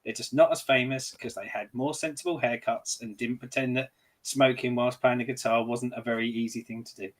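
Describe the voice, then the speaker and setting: A man's voice: mid-range voice, fairly even intonation, brisk. A man in casual podcast chat, sardonic and grumpy, ranting and swearing. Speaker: podcast panelist.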